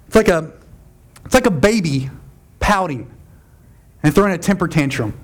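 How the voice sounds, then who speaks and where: Pastor type, man, high-pitched voice, casual but emphatic sermon delivery, repeats himself for stress. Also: lively intonation, normal speed, pauses often. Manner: conversational, emphatic, repeats phrases.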